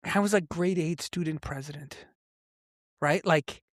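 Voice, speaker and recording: Animated storyteller man, dry close sound. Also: measured pace, no echo. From immigrant who grew up in Canada. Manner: lively storyteller acting out quotes with big pitch jumps. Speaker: guest, entrepreneur.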